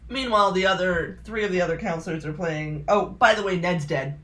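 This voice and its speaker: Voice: medium pitch, fairly quick, bright, forceful tone. A podcast co-host recapping a horror movie in a rambling, casual way, swearing freely. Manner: rambling plot summary with frequent swearing and laughs.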